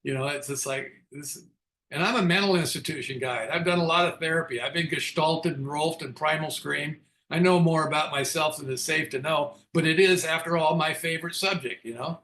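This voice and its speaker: A man's voice: on the high side, a little fast, pushed and bright. An older man leading a recovery book study, telling his own story in a frank, self-mocking way with frequent chuckles. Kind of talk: candid storytelling talk.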